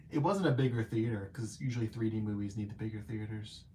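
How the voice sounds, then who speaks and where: A man hosting a casual live-stream movie review, chatty and animated, with lots of filler words and playful self-mocking asides. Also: fairly low pitch, quick pace, few pauses, a little hiss or hum.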